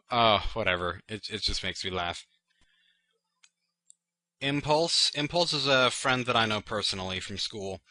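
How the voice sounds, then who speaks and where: A man's voice: lowish voice, animated, a little slow, long pauses, bright, forceful tone, no echo. A man hosting his channel, answering viewer questions in a rambling, casual chat full of fillers and self-deprecating jokes. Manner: rambling and chatty, full of "like" and "you know".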